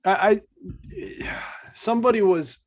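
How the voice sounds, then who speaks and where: A man guesting on a casual podcast who rambles and stumbles through his thoughts. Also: high-pitched. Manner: rambling, halting, full of "like".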